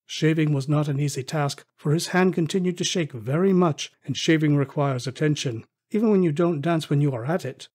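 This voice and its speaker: Husky-voiced man narrating a classic tale. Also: a little high, brisk, hardly any pauses. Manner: expressive storytelling. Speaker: audiobook narrator. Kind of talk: scripted audiobook narration.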